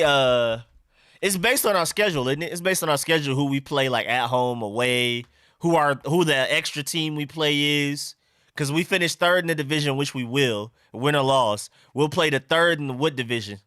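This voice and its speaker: A man's voice: mid-range voice, sharp tone, clear, resonant tone, no room sound, studio quality. A young man hosting a live stream, chatting loosely and reading out viewer comments. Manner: loose and conversational, reads out chat comments. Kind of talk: casual live-stream chat.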